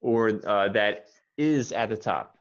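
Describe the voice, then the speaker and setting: A patient American man coaching pronunciation, repeating words slowly and clearly for his student. His voice sits fairly low, and the audio comes through dull and muffled. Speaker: English pronunciation teacher. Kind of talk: one-on-one pronunciation lesson.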